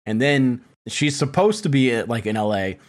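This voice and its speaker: A man's voice: mid-range voice, lively intonation, normal speed. A man co-hosting a casual podcast about a film, talking animatedly, laughing and swearing casually. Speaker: podcast co-host. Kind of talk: casual film-review chat.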